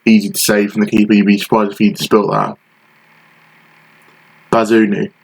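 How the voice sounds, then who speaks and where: A man's voice: fairly low pitch, monotone, normal speed, creaky, slightly rough, poor audio. A man giving frustrated, sarcastic play-by-play commentary over a football management game he is playing. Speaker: gaming channel host.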